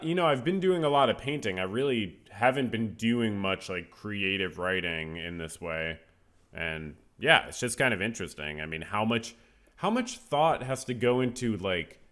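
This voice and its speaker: A man's voice: mid-range voice, a bit bright. A man hosting his own podcast, talking casually in a rambling, self-correcting way with many fillers. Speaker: podcast host. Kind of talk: casual solo podcast talk.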